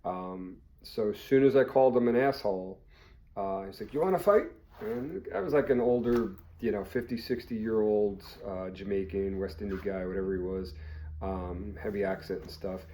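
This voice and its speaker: A man's voice: fairly low pitch, darkish tone, a little hiss or hum. A man who runs a firearms training channel, telling a story in a blunt, conversational way and swearing freely. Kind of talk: casual vlog storytelling.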